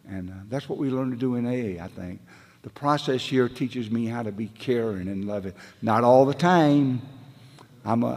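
A man's voice: mid-range voice, vocal fry, darkish tone, in a large hall. A man sharing at a recovery meeting, telling stories in a rambling, folksy way with casual grammar. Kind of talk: storytelling share at a meeting.

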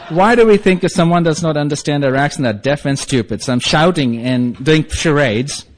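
A man's voice: fairly high pitch, moderate pace, a little hiss or hum. A man with a non-native English accent telling a humorous personal story in a wry, self-mocking way, laughing as he goes. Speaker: speaker sharing a recovery story.

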